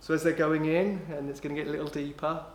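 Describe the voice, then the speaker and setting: A man preaching a sermon in an emphatic way, slowing down on key phrases and dropping low and quiet when he quotes. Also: little pitch movement. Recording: roomy echo.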